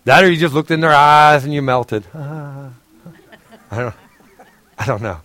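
A man, a pastor, giving a sermon in a casual, conversational storytelling way, often clearing his throat and laughing with the congregation. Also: fairly high pitch, measured pace, pushed and bright.

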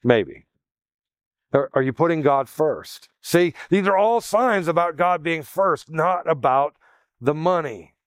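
A man preaching a sermon in a casual, animated way, acting out quoted voices as he goes. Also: on the high side, slow, dry recording, studio quality. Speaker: pastor.

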